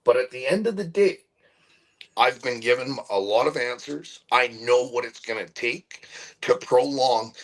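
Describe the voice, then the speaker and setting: A middle-aged man speaking candidly as an interview guest, earnest and heartfelt, often halting and repeating words as he searches for them. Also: medium pitch, low-quality recording.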